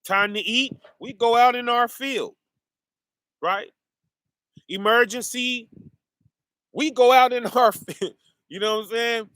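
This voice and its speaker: Slow, bright-voiced man preaching. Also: high voice, expressive, dry recording. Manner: rhetorical questions, calling out to listeners. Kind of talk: informal preaching monologue.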